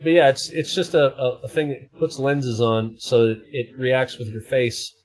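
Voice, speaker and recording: A man hosting a casual live stream at his desk, with a middle-pitched voice. He rambles from one thing to the next and cracks self-deprecating jokes. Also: steady tone, moderate pace, low-quality recording.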